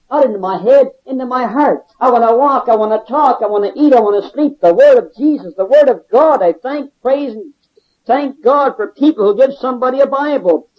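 A man giving a fervent testimony sermon as an ex-convict evangelist, preaching in a repetitive, rhythmic cadence. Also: extremely high pitch. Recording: dull lo-fi recording.

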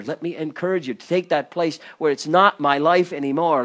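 A man preaching a sermon, moving from loud, fervent pleading to soft, low confiding, with folksy personal asides and casual voices for the people in his stories. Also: a little fast, few pauses. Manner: acts out scripture characters in casual voices. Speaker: pastor.

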